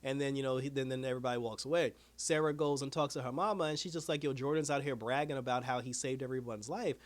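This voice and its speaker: A man hosts a casual TV review and talks at a brisk clip in a mid-range voice. He retells the episode with energy, slips into the characters' lines, and keeps laughing along the way. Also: mid-range voice. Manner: animated retelling with quoted voices, profanity, laughs. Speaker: TV review host.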